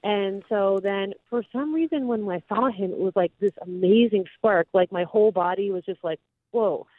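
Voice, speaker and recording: A woman in her forties calling in to a radio show, telling a story in an animated way. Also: mid-range voice, moderate pace, no room sound. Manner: animated, acts out dialogue. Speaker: caller. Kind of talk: phone-in storytelling. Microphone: telephone. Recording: tinny phone line.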